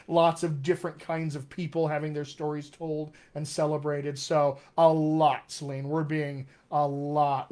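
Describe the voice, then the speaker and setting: A man coaching accents live, talking straight to his viewers and reading their comments aloud. His voice sits a little high for a man, and he drives points home by repeating them warmly. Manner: encouraging, emphatic repetition. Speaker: dialect coach. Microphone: webcam or computer mic.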